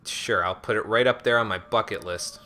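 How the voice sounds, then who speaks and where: A streamer gives casual let's-play commentary while he plays, cracking sarcastic jokes at the game's characters. His voice is on the low side, brisk and sharp in tone, heard over the game music.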